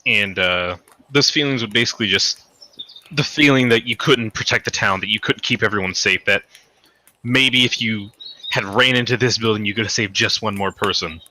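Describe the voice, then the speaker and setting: A man narrates a tabletop game as game master, rambling along with many fillers and restarts. His voice sits fairly low, with a very bright, edgy tone and faint noise behind it. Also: normal speed.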